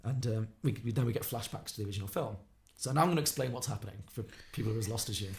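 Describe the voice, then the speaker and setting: A man on a podcast, retelling a film plot quickly and acting out the characters' lines. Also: medium pitch. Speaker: podcast co-host. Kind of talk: casual film podcast recap.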